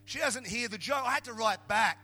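A middle-aged Australian man preaching a humorous sermon as a pastor, telling jokey stories in an animated way and building to emphatic shouts. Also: extremely high pitch, fairly quick.

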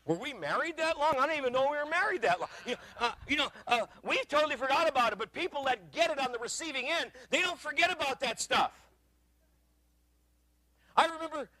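A middle-aged man preaching as a guest pastor, telling stories conversationally and swinging from loud emphasis to quiet asides. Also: very high-pitched, expressive, a little fast, no echo, poor audio. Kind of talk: sermon.

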